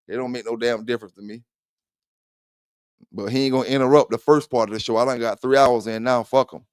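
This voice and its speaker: A man's voice: mid-range voice, a little mellow, clean tone, dry recording, clean studio sound. A man hosting a livestream dog talk show, chatting loosely with viewers in profane trash talk and laughing often. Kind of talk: casual livestream chat.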